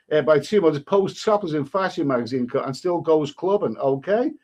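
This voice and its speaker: A man's voice: on the high side, animated, normal speed. A man, hosting a live stream and rambling through crude commentary with many restarts. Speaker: livestream host.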